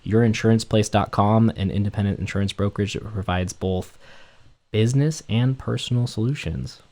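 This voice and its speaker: A man's voice: lowish voice, moderate pace, darkish tone. A man hosting a casual interview, asking short friendly questions. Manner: friendly, brief prompting questions. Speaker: interview host.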